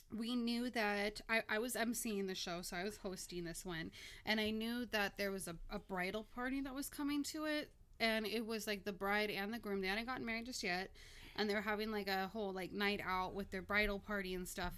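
A woman telling a story in casual chat, animated and swearing, quoting herself in lively bursts. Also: mid-range voice, clear, resonant tone. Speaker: podcast guest storyteller.

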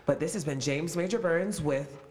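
A man's voice: a little high, moderate pace, a little mellow. Upbeat playful man in his late twenties. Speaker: actor interviewing young castmates. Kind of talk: casual backstage interview.

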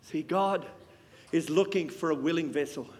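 A man preaching a sermon with passion, swinging between loud and hushed. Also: on the high side, normal speed. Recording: long hall reverb.

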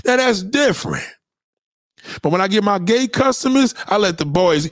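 Animated, swearing man in a profane rant. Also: sits high, moderate pace, dry recording, studio quality. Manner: animated, swearing, acts out quotes. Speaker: comedic monologue host.

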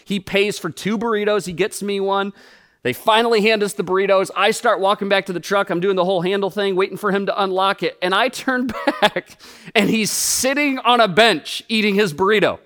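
A man, a pastor, preaching a sermon and telling a personal story in an animated way with humorous asides. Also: sits high, a little fast. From United States.

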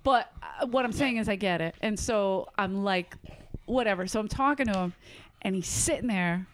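A woman from South Philadelphia telling a story as a guest in casual chat, animated, with stammering restarts and acted-out quotes. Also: mid-range voice, normal speed, slight background noise.

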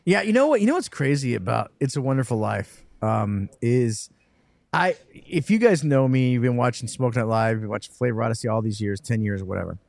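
A man hosting a podcast, telling stories in a lively, self-mocking way. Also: mid-range voice, fairly quick, vocal fry, no echo. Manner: animated, self-mocking storyteller. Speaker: podcast host. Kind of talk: casual chat.

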